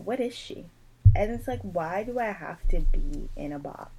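A young woman from Puerto Rico speaks in a low, gravelly voice with a lot of vocal fry. She is animated and emphatic in a casual podcast chat and keeps acting out the people she quotes. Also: unhurried, a little hiss or hum, low-quality recording.

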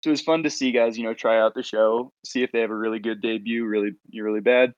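A man's voice: fairly low pitch, fairly even intonation, fast talker, no echo. A man from the Sacramento area in casual podcast chat, offering hedged opinions on a dull lo-fi mic. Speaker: podcast panelist.

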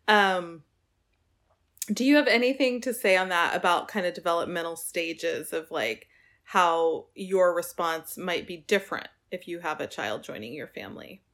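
A woman's voice: on the low side, moderate pace, a bit bright. A woman hosting a podcast, affirming her guest and asking long, careful questions full of fillers. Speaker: podcast host. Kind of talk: podcast interview.

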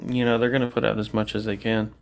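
A man's voice: lowish voice, flat delivery, fast talker, gravelly. A man co-hosting a podcast in casual chat, easygoing and explaining things matter-of-factly. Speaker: podcast co-host.

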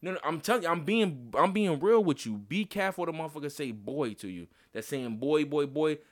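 A man's voice: fairly high pitch, very animated, fairly quick. A man co-hosting a casual podcast chat, talking emphatically with lots of slang, profanity and insistent restarts. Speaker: podcast co-host.

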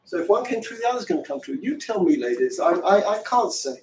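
A man's voice: high voice, big pitch swings, fast, darkish tone, a little hiss or hum. A man giving an impassioned rabbinic lecture, hammering his points with rhetorical questions. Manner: fervent, emphatic, full of rhetorical questions. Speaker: rabbi teaching a class. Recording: roomy hall, distant mic, faint ambience.

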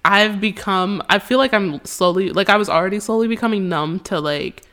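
Woman, podcast co-host, casual chat, rambling, halting, bright tense voice. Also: mid-range voice. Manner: rambling, halting, frequent "like", laughs between thoughts.

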